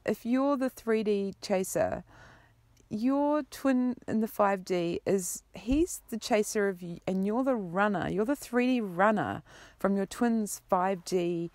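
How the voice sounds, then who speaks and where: A woman spiritual teacher talking in an earnest, gentle, rambling way in a casual vlog monologue. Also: medium pitch, takes it slowly, no echo.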